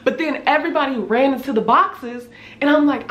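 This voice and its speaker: A woman in her twenties telling a casual storytime, animated and slangy, with lots of filler words and cursing. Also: high-pitched, a little fast. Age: 20s. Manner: animated, slangy, swears freely, many "like" fillers. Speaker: vlogger. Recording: echoey room.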